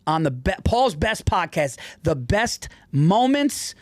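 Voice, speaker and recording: High-voiced excitable male podcast host. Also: no room sound. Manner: excitable, quick interjections and restarts. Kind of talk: casual chat.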